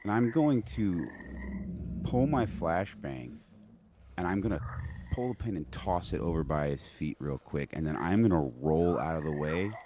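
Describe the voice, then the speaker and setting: A man's voice: low voice, animated, moderate pace, noisy background. A man playing a tabletop game, explaining his actions step by step. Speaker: player. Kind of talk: casual tabletop play.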